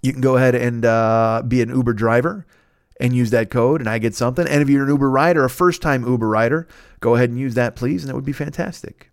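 A man's voice: mid-range voice, fast talker, no room sound, clean studio sound. A man hosting a podcast, rattling off plugs and sponsor reads in a loose, rambling, profane way with frequent self-corrections. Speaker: podcast host.

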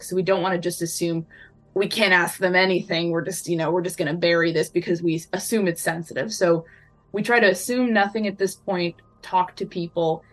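Careful, halting woman journalist. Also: on the low side. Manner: careful, halting, with many restarts. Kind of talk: interview answers.

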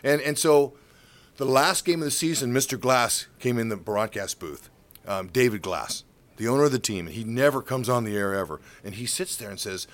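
Animated middle-aged man telling a story. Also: mid-range voice, brisk. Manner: animated, acts out quotes, repeats words when excited. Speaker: baseball color commentator. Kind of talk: storytelling in an interview.

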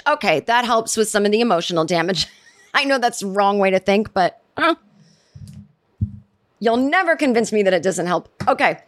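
Woman podcast host, solo comedy rant, sarcastic, rambling, mid-pitched voice. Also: a bit bright. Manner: chatty, rambling, sarcastic, many restarts.

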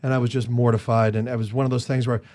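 A man as an interview guest, telling stories casually and with energy, jumping higher in pitch when he quotes others. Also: quick pace. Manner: animated, jumps higher when quoting others; chatty with many restarts. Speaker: guest comedian.

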